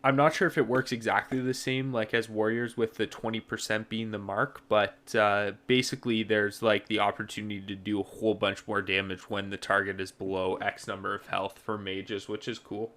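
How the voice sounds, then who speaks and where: A man's voice: fairly low pitch, moderate pace, few pauses. Laid-back man chatting while gaming. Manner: relaxed, rambling, lots of fillers. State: yawning, sleepy. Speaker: streamer. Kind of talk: casual gaming chat with chat viewers.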